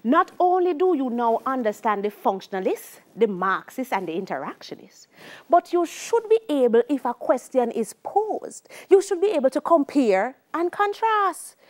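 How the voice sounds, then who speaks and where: A middle-aged Jamaican woman teaching a sociology exam-prep lecture. She talks in a lively way and slips into patois when she tells stories. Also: high-pitched, moderate pace. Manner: lively, shifts into patois for anecdotes.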